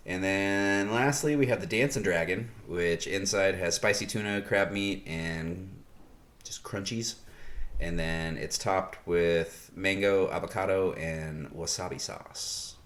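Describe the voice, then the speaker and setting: A man co-hosting a podcast, chatting casually in a rambling, relaxed way with fillers and pauses. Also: low voice. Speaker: podcast co-host. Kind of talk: casual chat.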